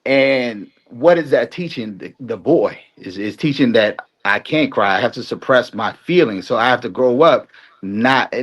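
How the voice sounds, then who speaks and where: A man explaining his view in a casual discussion, often tagging his points with "right?". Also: medium pitch. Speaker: panel guest. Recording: dull lo-fi sound.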